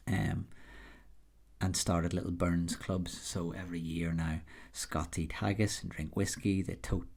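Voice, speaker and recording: A man's voice: deep voice, creaky, breathy edge. A man casually introducing a classic poem, then reciting it with an attempted Scots accent. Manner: tries a Scots accent when reading the verse; chatty, relaxed introduction. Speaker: poetry reader.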